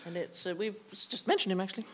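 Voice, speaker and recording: A woman's voice: medium pitch, lively intonation, rapid-fire. Wry woman hosting a comedy quiz. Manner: wry, often laughing while talking. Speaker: quiz show host. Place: radio studio before a live audience. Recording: studio audience laughter and noise.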